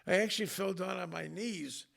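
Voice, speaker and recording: Older man with a high gravelly voice. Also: fairly bright tone. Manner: earnest, halting, with many restarts. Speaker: retired strongman, guest. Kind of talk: emotional storytelling.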